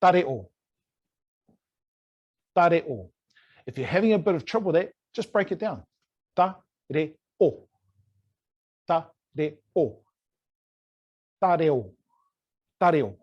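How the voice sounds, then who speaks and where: A man's voice: fairly high pitch, lively intonation, slow, long pauses, dull audio. A man teaching a language in an online lesson, playful and over-pronouncing words to demonstrate them. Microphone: video call.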